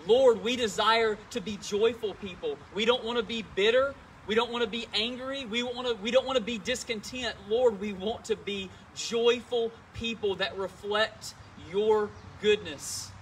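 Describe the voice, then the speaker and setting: Pastor, male, high voice, earnest and gentle prayer leader, faint noise in the background. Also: moderate pace, recorded from a distance. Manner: earnest, gentle, repeats words as he goes. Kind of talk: sermon and prayer. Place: church service.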